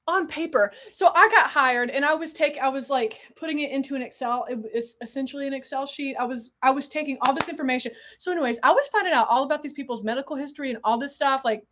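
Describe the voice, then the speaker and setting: High-voiced excitable woman streamer. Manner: excitable, rambling storyteller who swears freely and keeps getting sidetracked. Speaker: streamer hosting a monthly live unboxing. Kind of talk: casual live-stream chat.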